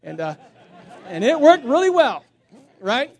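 A man's voice: very high voice, big pitch swings, measured pace, a little mellow, a faint crowd. A male pastor from the country preaching a sermon in a folksy, joking storytelling manner. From rural area. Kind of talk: sermon with humorous stories.

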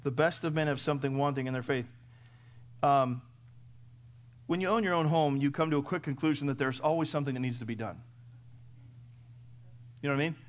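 A middle-aged man preaching a sermon in a folksy way, firing off rhetorical questions and swinging from loud to hushed. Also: fairly high pitch, a little fast, long pauses. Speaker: pastor.

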